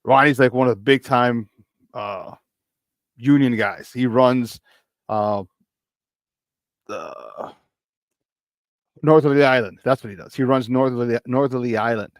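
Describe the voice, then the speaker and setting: Chatty Chicago sports host. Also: male voice, medium pitch, a little slow, long pauses, no echo, studio quality. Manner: energetic, chatty, repeats himself for emphasis. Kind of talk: casual sports talk.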